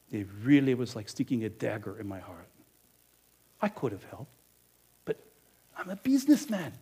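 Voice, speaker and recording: A man performing a dramatic monologue as a harried, money-minded male innkeeper, talking in a chatty, wheedling salesman's patter that can drop to a hushed confession. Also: mid-range voice. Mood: guilt-ridden. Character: harried, penny-pinching male innkeeper of Bethlehem, middle-aged. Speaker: storyteller in character. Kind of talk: first-person dramatic monologue.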